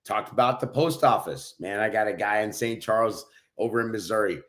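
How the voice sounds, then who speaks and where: A man co-hosting a podcast and telling stories in a loud, brash, profane way. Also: fairly low pitch, fairly quick. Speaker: podcast co-host. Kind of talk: casual chat, storytelling.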